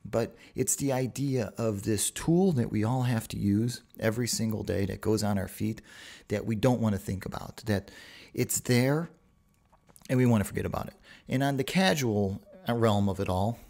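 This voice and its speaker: Gravelly low-voiced man rambling casually. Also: normal speed, dark tone. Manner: rambling, conversational, profane asides. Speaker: podcast host. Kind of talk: casual solo podcast talk.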